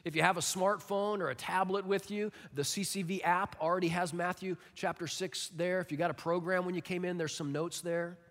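A pastor in his forties preaching a sermon, animated and emphatic, acting out little stories. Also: sits high, brisk, few pauses. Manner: animated, emphatic storytelling with acted-out quotes. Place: church auditorium. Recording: long reverb of a large hall.

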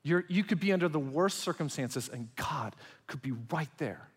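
Man, pastor, sermon, fairly high voice, long hall reverb, emphatic then hushed. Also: expressive, moderate pace, slightly rough. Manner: dynamic preaching, swings from loud emphatic to quiet and intimate.

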